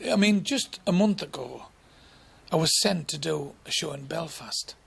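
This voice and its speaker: A man's voice: fairly high pitch, lively intonation, moderate pace, gravelly, loud music behind the voice. A man, a comedian telling blunt, bawdy anecdotes in an interview. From England. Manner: blunt, bawdy, chuckling raconteur.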